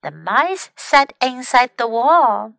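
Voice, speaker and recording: A woman English teacher narrating a children's story bilingually, clear and teacherly. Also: sits high, big pitch swings, takes it slowly, a bit bright, dry recording, low-quality recording.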